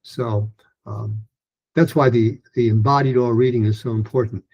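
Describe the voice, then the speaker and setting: In a recorded pronunciation lesson, a man chats along with plenty of fillers and restarts, then launches into lively, higher-pitched drills of practice sentences. He speaks at normal speed with a slightly rough voice.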